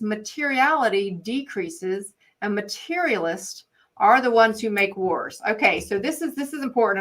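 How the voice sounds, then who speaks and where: A woman's voice: medium pitch, a bit bright, low-quality recording. Enthusiastic woman leading a study class. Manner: enthusiastic, slows right down to stress key passages. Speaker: course host leading a study session. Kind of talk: live online study class, reading aloud and commenting.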